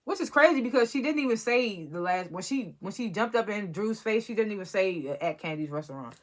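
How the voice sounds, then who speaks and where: A woman's voice: medium pitch, lively intonation, brisk. A woman giving a casual, rambling review of a reality TV episode, sounding exasperated and often restarting her sentences. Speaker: reality TV recap vlogger.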